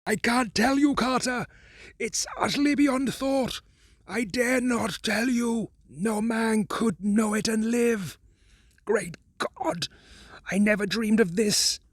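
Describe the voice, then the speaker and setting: A man voicing a terrified man calling up from a crypt, hoarse with fear and frantic as he pleads. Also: high-pitched, slow, no room sound, clean studio sound, voice pushed up. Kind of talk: audiobook character voice.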